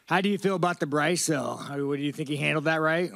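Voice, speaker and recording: A man with a fairly high voice rambles through interview answers with loose, profane bro talk, peppering it with dude and man. The sound is close and dry, with no room around it. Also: fast, vocal fry, a bit bright, no room sound. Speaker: fighter at a media interview. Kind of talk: casual media-day interview.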